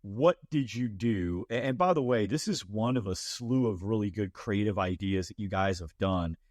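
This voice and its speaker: A man hosting a casual interview, playful and quick to laugh. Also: lowish voice, lively intonation, darkish tone, dry recording, clean studio sound. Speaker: podcast host.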